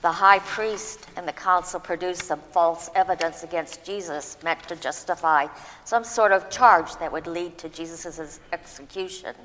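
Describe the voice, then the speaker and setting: A woman reading scripture aloud in a steady, even narration. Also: on the low side, big-room sound, poor audio. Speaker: scripture reader.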